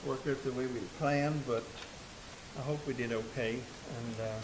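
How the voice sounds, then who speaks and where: A man's voice: mid-range voice, steady tone, normal speed, heavy background noise. A man, a musician and bandleader telling a story to a live audience from the stage. He talks in a folksy, rambling way, with lots of "and, uh" restarts.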